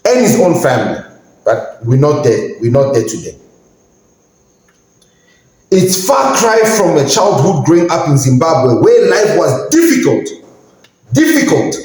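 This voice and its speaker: A man's voice: on the high side, a little mellow. A man hosting a podcast, giving an indignant, emphatic ranting commentary and sometimes searching for words. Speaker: podcast host. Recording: very echoey room.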